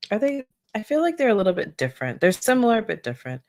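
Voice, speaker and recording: A woman's voice: mid-range voice, very animated, fast talker, a little mellow, no room sound, clean studio sound. A woman co-hosting a book club podcast in casual chat, chatty and laughing often, acting out lines in playful voices. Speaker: podcast co-host.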